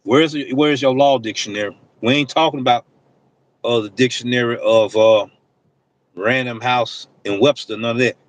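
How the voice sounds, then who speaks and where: Man, delivery driver, livestream, impassioned, preachy, casual slang, mid pitch. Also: steady tone, normal speed, poor audio. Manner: impassioned, preachy, talks straight at the audience; slang-heavy casual speech. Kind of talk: livestream commentary to viewers.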